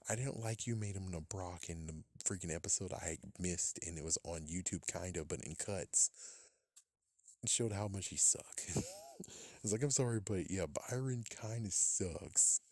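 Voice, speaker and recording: Low-voiced guy ranting on his podcast, swears a lot, dry close sound. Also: moderate pace, darkish tone, no room sound. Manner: profane, exasperated, laughs at own jokes. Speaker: podcast host. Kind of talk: casual ranting commentary.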